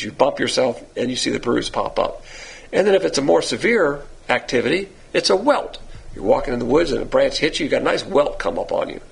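Gravelly, husky male Bible teacher. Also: mid-range voice, low-quality recording. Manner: lively, rising emphasis with rhetorical questions. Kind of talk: verse-by-verse sermon.

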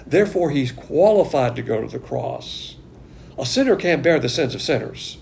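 A man leads a Bible study with a gravelly, slightly higher-pitched voice that rises and falls a lot. He talks emphatically and conversationally and keeps asking rhetorical questions. A faint rumble runs underneath. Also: darkish tone. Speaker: Bible teacher.

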